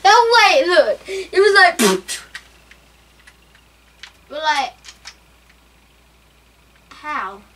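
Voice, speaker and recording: A woman reacting out loud while playing a racing game, laughing and exclaiming often. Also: extremely high pitch, big pitch swings, very slow, pauses often. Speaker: gameplay streamer. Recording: mic a bit far off, faint room noise.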